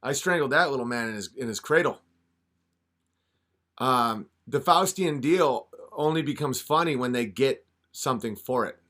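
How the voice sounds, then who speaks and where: A man's voice: medium pitch, expressive, normal speed, sharp tone. A man hosting a podcast in a rambling comedic rant, often restarting mid-sentence. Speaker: podcast host.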